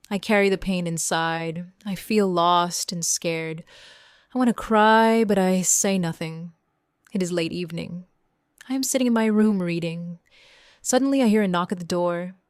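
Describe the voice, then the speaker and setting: A young woman narrating a first-person story in slow, simple, clear sentences for English learners. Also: on the low side, dry recording, clean studio sound. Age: young adult. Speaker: audiobook narrator.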